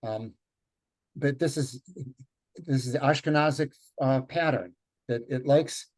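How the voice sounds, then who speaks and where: A man runs a group reading over a video call. He speaks in a thoughtful, halting way and stops often to find the right word. His voice sits at an ordinary male pitch. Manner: thoughtful, halting, with many fillers. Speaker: Yiddish teacher leading a group reading. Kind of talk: online lecture and read-aloud.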